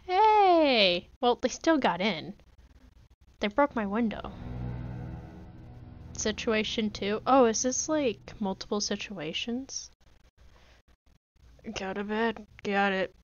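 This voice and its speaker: Here the woman takes her time, leaving long pauses in her medium-pitched delivery as she casually narrates her game for a video. She's chatty and jokey, pleading in fun and muttering to herself, and the highs in the recording are cut off.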